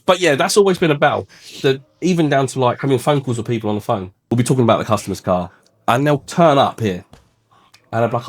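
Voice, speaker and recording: A man in his thirties with a South London accent tells stories in a casual podcast interview, breaking into voices for the people he quotes. His voice sits mid-pitched, and he swears freely as he talks. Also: quick pace. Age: 30s. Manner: animated storyteller, acts out quotes, swears freely. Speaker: classic car garage owner.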